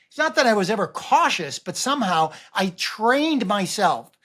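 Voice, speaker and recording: A man in his sixties who runs a running vlog, talking casually and rambling to camera, with animated swings and frequent restarts. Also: high-pitched, normal speed. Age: 60s. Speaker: running vlogger.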